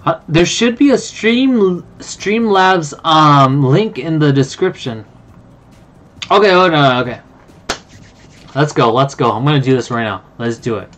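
An excitable streamer chatting to viewers during an online card game, who keeps apologizing to them. The talk is unhurried overall, with the pitch sitting in a middle range. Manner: excitable, apologetic, talks to chat. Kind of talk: casual live-stream chat.

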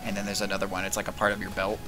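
A man's voice: fairly low pitch, monotone, very fast, music in the background. A man in his twenties streaming a video game, chatting casually in a rambling, laid-back way with lots of fillers and the odd swear. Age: 20s. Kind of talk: casual chat while streaming.

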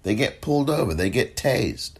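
A man's voice: mid-range voice, animated, normal speed, slightly rough. A man hosting a political podcast, delivering indignant solo commentary and mocking the people he talks about. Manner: impassioned, indignant; mocking impersonations of others.

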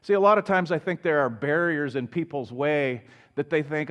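Male pastor preaching in church, fairly high voice that swoops up and down, plays out quotes. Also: moderate pace. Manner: lively preaching with acted-out quotes and plain asides. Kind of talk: sermon. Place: church sanctuary.

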